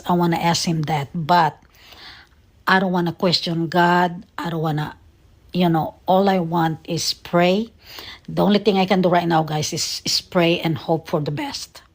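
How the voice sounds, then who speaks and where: An American woman talking earnestly and sadly to her viewers, halting with many fillers and close to tears. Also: lowish voice, steady tone. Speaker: vlogger. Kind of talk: casual emotional monologue to viewers.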